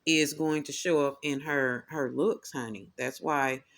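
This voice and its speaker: A man's voice: a little high, steady tone, measured pace, gravelly, fairly bright tone. A man giving a tarot reading as the host, talking in a sassy, casual way and often calling the listeners "honey" and "y'all". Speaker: tarot reader. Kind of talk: casual commentary.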